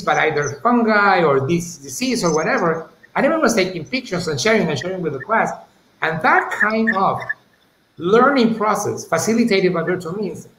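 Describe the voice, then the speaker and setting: A man's voice: high-pitched, fairly bright tone. A man, answering questions in a live-streamed interview, talking thoughtfully with many restarts and asides. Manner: thoughtful, many restarts and "you know", "right?". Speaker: university leader, interview guest. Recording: roomy echo, faint ambient noise.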